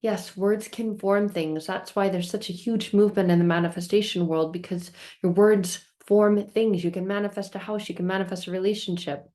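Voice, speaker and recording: A woman hosts a casual self-help vlog, telling a story expressively, acting out her frustration in quoted outbursts and repeating phrases in rhythmic lists. Her voice is warm and medium-pitched with fairly even intonation, and she talks at normal speed with few pauses.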